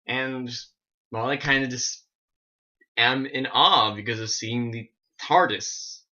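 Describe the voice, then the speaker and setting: At home, a man rambles through a story for his vlog camera, animated and frequently starting his sentences over. His voice is medium in pitch, slow, and bright with a pointed edge, though the recording itself sounds dull and lo-fi.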